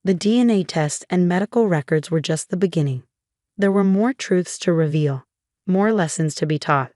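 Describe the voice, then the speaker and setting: Low-voiced woman narrating a story. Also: normal speed, a little mellow, no room sound, studio quality. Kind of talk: scripted first-person narration.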